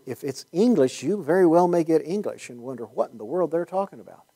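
A man's voice: on the high side, lively intonation, fairly quick, dark tone, husky. Rambling man teaching. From United States. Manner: rambling, many fillers and restarts, wry asides. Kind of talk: conversational teaching talk.

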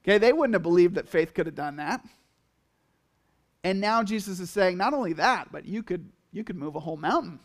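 Pastor, male, higher-pitched voice, casual sermon delivery with playful acted-out asides. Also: fairly quick. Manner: conversational, animated, acts out quotes in asides.

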